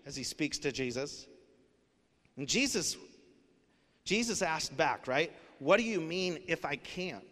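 This male pastor preaches a sermon earnestly and conversationally, dropping in casual fillers. His voice sits high with a sharp tone, and the recording carries a long hall reverb.

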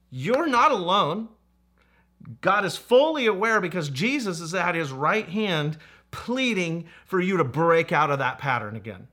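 A man delivers a sermon in a slow, deliberate cadence, repeating his key lines with earnest conviction. His voice sits a little high for a man and has a bright, forward tone. Now and then he turns playful, speaking straight to the kids in his congregation. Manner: earnest, repetitive preaching with playful asides to kids. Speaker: pastor.

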